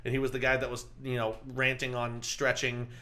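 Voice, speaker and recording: A man's voice: mid-range voice, monotone, brisk, pushed and bright. A young man co-hosting a podcast, talking bluntly and swearing in casual banter. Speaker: podcast co-host. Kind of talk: casual chat.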